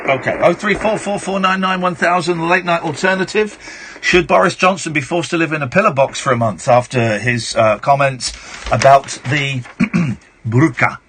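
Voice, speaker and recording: A man hosting a late-night radio phone-in, brusque and quick to cut callers off. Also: fairly high pitch, a bit bright, slight background noise.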